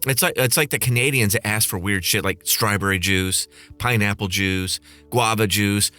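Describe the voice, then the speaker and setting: A man's voice: lowish voice, normal speed, bright, forceful tone, dry recording. A man hosting a podcast, ranting in a snarky, profane, sarcastic way. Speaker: podcast host and flight attendant. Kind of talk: comedic rant.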